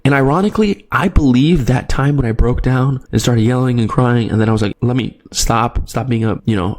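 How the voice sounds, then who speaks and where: Fast-talking man giving a pep talk. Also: mid-range voice, darkish tone. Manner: urgent, repetitive direct address, frequent tag questions. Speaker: trading video host. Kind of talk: motivational monologue to camera.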